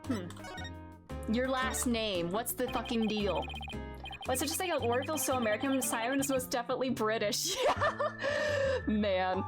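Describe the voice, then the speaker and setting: Give me a joking woman streamer with a fairly high voice, game music behind. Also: moderate pace, long pauses. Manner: chatty, joking, laughs often. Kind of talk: casual game commentary.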